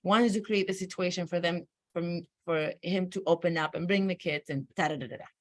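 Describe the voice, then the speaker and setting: A woman's voice: fairly low pitch, fairly quick. Candid woman recounting family strife. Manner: candid, animated storytelling with many fillers. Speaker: coaching client. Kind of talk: emotional personal account.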